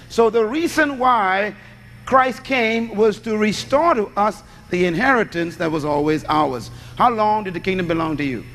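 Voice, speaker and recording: A man's voice: high-pitched, a bit bright. A man preaching a sermon, teaching by asking the congregation questions and supplying the answers. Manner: teaching with call-and-response questions. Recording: long hall reverb.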